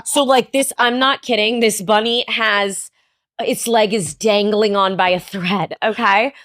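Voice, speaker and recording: A young woman co-hosting a podcast, telling a story in animated casual chat, full of "like" and swearing. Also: medium pitch, measured pace, no room sound, studio quality. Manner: animated storyteller, heavy "like" filler, frequent swearing. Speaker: podcast co-host.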